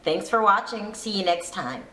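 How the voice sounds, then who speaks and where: A woman's voice: medium pitch, lively intonation, normal speed. A woman vlogger giving a chatty, dramatic, gossipy recap. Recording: roomy echo.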